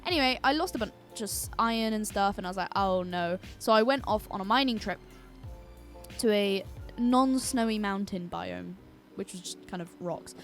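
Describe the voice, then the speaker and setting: Her own song plays faintly as a young British woman, a gaming YouTuber, casually rambles over her gameplay, giggling and catching her swears mid-word. She has a mid-range voice and keeps a moderate pace.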